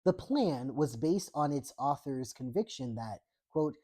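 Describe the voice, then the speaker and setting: Low-voiced woman reading with profane asides. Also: animated, measured pace, dark tone, slightly rough. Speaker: host reading a book aloud. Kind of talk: book reading with political commentary.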